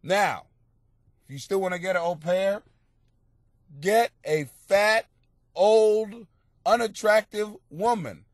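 Guy doing a crude advice podcast, swears a ton, blunt, kinda high voice, dry close mic. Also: slow, pauses often, no room sound. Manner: crude, blunt, swears a lot, breaks into loud outbursts. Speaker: podcast host giving advice. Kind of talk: casual advice podcast monologue.

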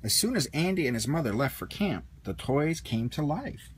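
A man reading a children's storybook aloud as narrator, expressive. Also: on the high side, moderate pace, slightly rough. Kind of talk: storybook read-along.

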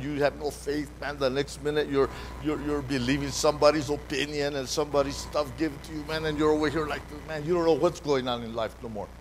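A man preaching a sermon as pastor, animated, calling out to the congregation and repeating his words. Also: a little high, slight background noise, low-quality recording. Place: church hall during a live service.

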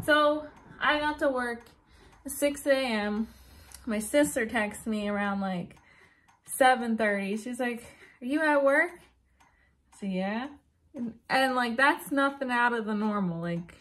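A woman's voice: a little high, a bit bright. A young woman telling a story to her camera in a casual, chatty way, swearing and laughing nervously. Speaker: vlogger.

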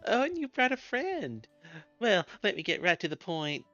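A man voicing a sly, persuasive young woman dancer in a high put-on voice, for a game playthrough. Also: wildly swooping pitch, moderate pace, sharp tone, full character voice. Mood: coaxing. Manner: high put-on falsetto, coaxing. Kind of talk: let's play character voice. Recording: dull lo-fi recording with game music.

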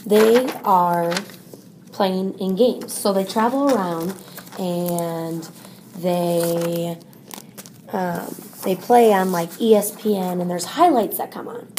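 A woman's voice: on the low side, fairly even intonation, slow, background noise. A woman tutoring a student, explaining step by step and asking "okay?" often. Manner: patient, explains step by step with many "okay?" checks. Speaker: reading tutor. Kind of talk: one-on-one teaching.

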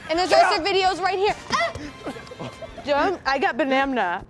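Very high, lively woman over loud music. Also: moderate pace. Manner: squealing, animated. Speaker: show regular and outro host. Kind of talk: excited game banter.

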